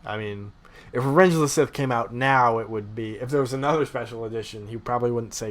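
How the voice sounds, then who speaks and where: A young man hosting a podcast, chatting casually and ranting with animated, opinionated energy. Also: mid-range voice, quick pace. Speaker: podcast host. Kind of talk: casual chat.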